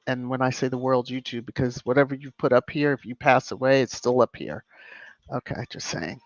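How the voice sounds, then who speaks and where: A woman with an extremely low-pitched voice hosts a casual YouTube live stream, reading comments, naming viewers in greeting and making emphatic asides. She talks a little fast; the audio has no echo but sounds dull.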